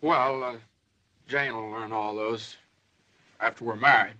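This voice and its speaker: An actor playing a flustered young newlywed son in a 1930s film, hesitant and stammering. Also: male voice, medium pitch, steady tone, measured pace, pushed and bright. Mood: sheepish. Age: young adult. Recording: dull old film soundtrack.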